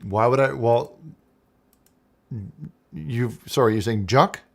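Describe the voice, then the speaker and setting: A man's voice: mid-range voice, takes it slowly, gravelly. Rambling man hosting a call-in show. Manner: rambling, hesitant, full of restarts. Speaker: host.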